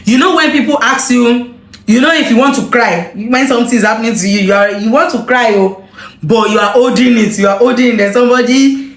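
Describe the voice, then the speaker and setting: A woman telling a personal story to her viewers, animated and full of exclamations. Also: a little high, fairly quick, roomy sound. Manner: animated, emotional retelling with exclamations. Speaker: vlogger. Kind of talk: casual storytelling to camera.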